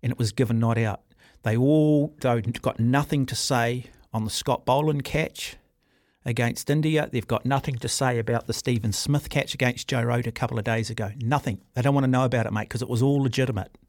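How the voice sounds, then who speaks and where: A middle-aged New Zealand man hosts talkback sports radio from a studio mic, forthright and ranting in an average-pitched voice. The sound is close and dry, with no room around it. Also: fairly even intonation, a little fast, a little mellow, dry recording. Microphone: studio microphone.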